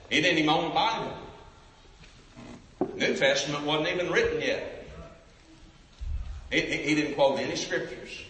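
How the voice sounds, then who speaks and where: A man's voice: fairly high pitch, sharp tone, slight background noise. A man preaching an evangelistic sermon, calling out to the crowd for responses. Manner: emphatic, calls out to the crowd for responses. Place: large church sanctuary. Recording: echoey hall, from a distance.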